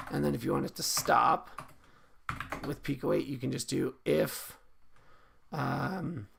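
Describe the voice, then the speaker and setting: Very gravelly, slow-talking man streaming code. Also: mid-range voice, noisy background. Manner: thinks aloud, often corrects himself mid-sentence; relaxed and chatty with viewers. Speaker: streamer teaching game coding. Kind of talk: casual live-coding stream. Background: keyboard typing and clicks.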